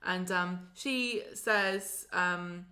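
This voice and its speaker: A woman's voice: on the low side, pushed and bright. Chatty woman recapping a soap. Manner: chatty, acts out characters' lines in quick voices. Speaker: podcast co-host. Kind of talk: casual chat recapping a soap.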